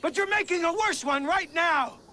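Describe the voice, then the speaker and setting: An actor playing a father and landowner who shouts and pleads forcefully. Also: extremely high pitch, normal speed. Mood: pleading. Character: father, landowner, angry then desperate. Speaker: mine owner and father. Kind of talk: film acting. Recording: film audio with clear background noise.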